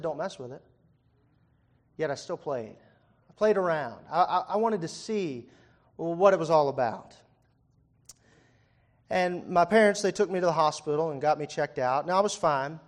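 A young man from Virginia preaches in a slightly higher register than most men. He talks to his congregation easily, throwing out questions and dry little jokes. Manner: conversational, asks the congregation questions, wry asides. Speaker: pastor. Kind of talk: sermon. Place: church hall before a congregation.

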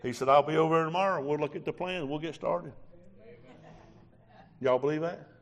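A preacher, telling a sermon testimony in a folksy storytelling way with quoted dialogue. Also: male voice, a little high, a little fast.

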